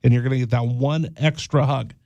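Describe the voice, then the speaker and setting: Gravelly-voiced male radio host, halting and heartfelt. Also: mid-range voice, fairly even intonation, mellow, no room sound, highs cut off. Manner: halting, repeats words, heartfelt. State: teary-eyed. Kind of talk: emotional radio monologue.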